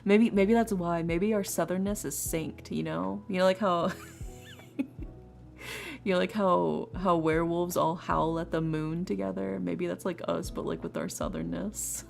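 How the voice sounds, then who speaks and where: A woman's voice: fairly low pitch, steady tone, normal speed, vocal fry, a little mellow. A woman from Texas chatting casually with her viewers while she streams tarot readings. She has an easygoing, rambling way of talking and often restarts words. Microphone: desk mic on a live stream. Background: faint lofi music.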